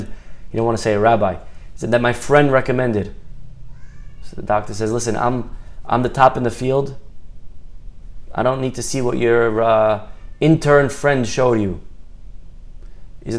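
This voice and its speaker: A man's voice: medium pitch, fairly even intonation, normal speed, long pauses. A man telling a story in a Torah talk, acting out the characters and stretching words for emphasis.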